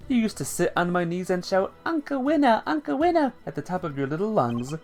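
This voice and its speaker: A man's voice: high voice, lively intonation, a little fast, voice pushed up. A man voicing a sentimental old man who sniffles and sobs between lines. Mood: weepy. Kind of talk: reading game dialogue aloud.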